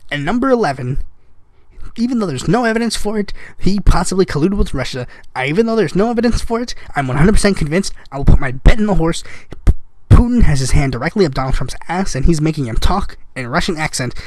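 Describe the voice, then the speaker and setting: High-voiced young man ranting sarcastically. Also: lively intonation, quick pace, a little mellow. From United States. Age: young adult. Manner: sarcastic, mocking, exasperated. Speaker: podcast host. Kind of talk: casual political rant.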